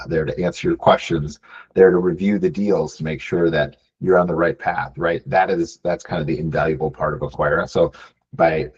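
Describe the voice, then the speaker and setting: A man's voice: extremely low pitch, darkish tone, husky, highs cut off. A man from Michigan answering interview questions casually, often adding "right?" and restarting phrases. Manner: frequent "um" and "right?" tags, restarts. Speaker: business buyer guest.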